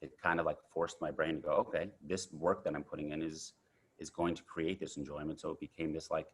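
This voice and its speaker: A man in his thirties with a very deep, low voice tells rambling stories as an interview guest. He restarts sentences often and fills pauses with casual fillers. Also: husky. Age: 30s. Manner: animated anecdotes with many fillers and restarts.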